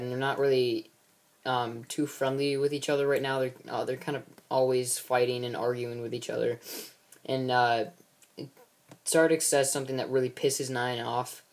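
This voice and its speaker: A man casually recapping the plot of his own film series, rambling with many fillers and restarts. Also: mid-range voice.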